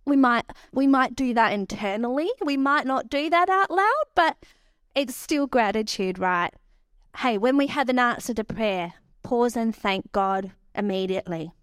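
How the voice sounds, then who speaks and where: Aussie lady preacher in her 30s, higher voice, super dry recording, tells stories with lots of voices. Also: measured pace, clean tone, no echo. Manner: animated storytelling with quoted voices. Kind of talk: sermon.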